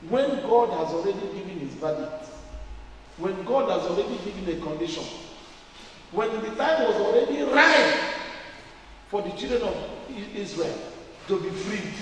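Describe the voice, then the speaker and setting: Nigerian preacher in an echoey church. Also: male voice, high-pitched, animated, normal speed, pauses often, a little hiss or hum. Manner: call-and-response preaching, building to shouts. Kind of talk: sermon. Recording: echoey church hall, mic far off.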